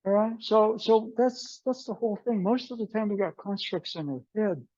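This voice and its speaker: Man, aikido instructor, rambling storyteller, mellow tone, dull muffled recording. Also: high voice, moderate pace, dry recording. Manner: meandering storyteller who acts out dialogue. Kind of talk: informal class talk with anecdotes. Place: martial arts class.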